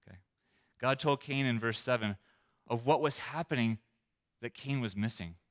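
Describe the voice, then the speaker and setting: A man preaching a sermon as a pastor, animated, acting out scenes and asking the listeners questions. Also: mid-range voice, normal speed. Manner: animated, acts out scenes, asks the audience questions.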